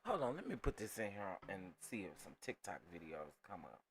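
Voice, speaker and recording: A man's voice: low voice, big pitch swings, a little fast, a little hiss or hum. A man hosting a casual reaction commentary, talking emphatically to his viewers and repeating phrases. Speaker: commentary channel host.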